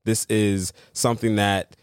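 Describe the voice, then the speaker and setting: A relaxed young man talking easily with his wife, agreeable and quick to back her up. His voice sits a little low. The sound is dry and close. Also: smooth, dry recording. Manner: relaxed, agreeable, frequent backchannel "yeah" and "mm-hmm". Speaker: co-host, married creator couple. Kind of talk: casual chat.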